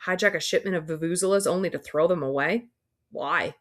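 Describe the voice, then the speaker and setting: A woman's voice: lowish voice, brisk, fairly bright tone. Woman reading a wry first-person audiobook. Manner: wry, dry storytelling. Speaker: audiobook reader.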